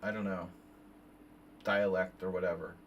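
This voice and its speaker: Deep-voiced and level in tone, a man in his fifties talks through chess games on a casual stream at a moderate pace, calling out moves and drifting into tangents. The recording sounds muffled, with a slightly distant mic and a bit of background noise.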